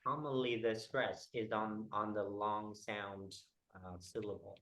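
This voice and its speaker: A man teaching a one-on-one English pronunciation lesson, explaining haltingly with many fillers. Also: lowish voice, level tone, fairly bright tone, low-quality recording.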